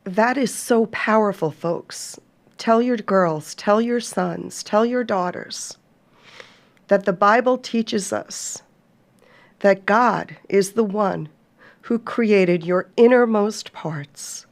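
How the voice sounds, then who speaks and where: A woman's voice: medium pitch, slow. A woman hosting a podcast, speaking earnestly and heartfeltly to listeners she calls folks and reading scripture aloud. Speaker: podcast host.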